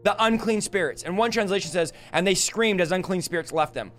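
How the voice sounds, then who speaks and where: Young male minister, high voice, earnest rapid teaching, soft music bed. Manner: earnest, fast teaching with lists and rhetorical questions. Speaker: deliverance minister. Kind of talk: livestreamed teaching.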